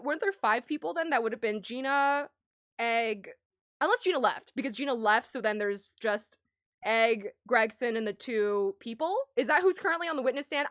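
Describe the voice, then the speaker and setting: Giggly, high-voiced young woman streamer. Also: fairly bright tone, dry recording, clean studio sound. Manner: giggly, flustered, chatty. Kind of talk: casual let's-play commentary.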